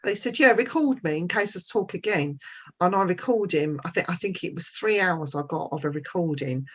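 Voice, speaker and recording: Chatty laughing woman, low voice. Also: fairly quick, slightly rough. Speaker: guest. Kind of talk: casual chat.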